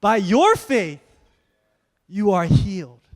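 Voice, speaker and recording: A man voicing a kindly healer who asks gently and speaks slowly. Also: high voice, very animated, big-room sound, voice pushed down, full character voice. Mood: gentle.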